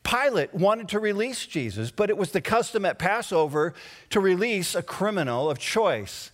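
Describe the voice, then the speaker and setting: A man preaching a sermon, swinging between a hushed voice and raised, dramatic outbursts. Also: high-pitched, sing-song, moderate pace. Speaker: pastor.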